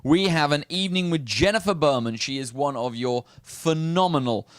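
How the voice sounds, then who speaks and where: A man's voice: on the high side, normal speed, dry recording, studio quality. A man hosting a morning show on a cruise ship, chatty and upbeat, teasing his guests. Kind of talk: casual chat show.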